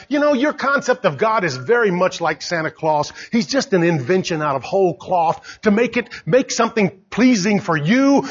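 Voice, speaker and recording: An older man preaching a sermon as pastor, emphatic and rising to shouts. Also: sits high, slightly rough. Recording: dull lo-fi recording.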